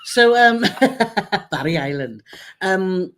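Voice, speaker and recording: A middle-aged woman chats her way through a live stream, rambling a little and checking in with her partner through tag questions. Her voice sits at an ordinary middle pitch for a woman. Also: expressive, drawn-out words, slight background noise. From England near the Welsh border. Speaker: co-host of a travel channel live stream. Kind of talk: casual live-stream chat.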